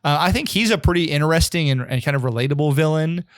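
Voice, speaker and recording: A man's voice: on the high side, fast, no room sound. Chatty man, dry close sound. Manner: rambling, self-deprecating, laughs often. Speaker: guest on a video game podcast. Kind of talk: casual chat.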